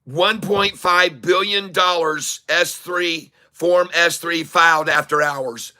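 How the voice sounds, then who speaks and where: A man from Ireland hosting a stock market show, ranting furiously and profanely, repeating himself and sometimes shouting. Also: on the high side, steady tone, slow pace. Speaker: stock market video host. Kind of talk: angry ranting market commentary. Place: Dublin, Ireland.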